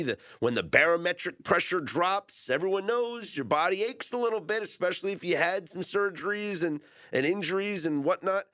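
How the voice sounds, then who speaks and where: An opinionated, jokey man co-hosting a sports betting show. His pitch swings widely as he makes his points, which gives him an animated delivery. The studio sound is dry and close. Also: dry recording. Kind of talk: casual sports chat.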